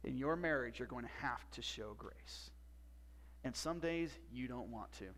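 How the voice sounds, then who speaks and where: A man preaching a sermon as pastor, emphatic, with long pauses and drops to a hush. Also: medium pitch.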